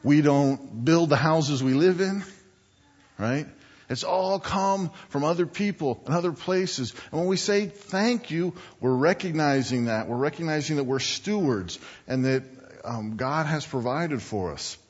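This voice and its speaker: A man preaches in an animated, story-driven way, with a somewhat high, husky voice and lively swings in pitch. He is recorded in a church sanctuary, where long reverb rolls off the walls, and the recording sounds dull and lo-fi. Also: a little slow. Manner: animated storyteller, rhetorical questions. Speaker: guest preacher. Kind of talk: storytelling sermon.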